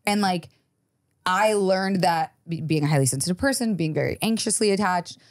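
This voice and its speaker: Low-voiced woman, animated storyteller. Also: moderate pace, no echo, clean studio sound. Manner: animated storyteller, swears freely, acts out quoted dialogue. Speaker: podcast guest. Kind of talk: casual chat.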